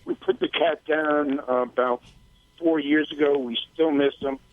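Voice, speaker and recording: A man calling in to a radio show, telling a personal story in a halting, emotional way with many restarts. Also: fairly high pitch, fairly even intonation. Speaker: caller. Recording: tinny phone line.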